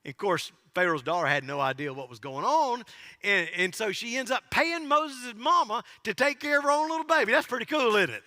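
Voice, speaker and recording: A man preaches to his congregation in a folksy, joking way, his voice high and ringing sharp. His pitch swoops up and down as he tells the story. The sound carries the long reverb of a big church hall. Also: expressive, a little fast. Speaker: pastor. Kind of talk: sermon. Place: church sanctuary.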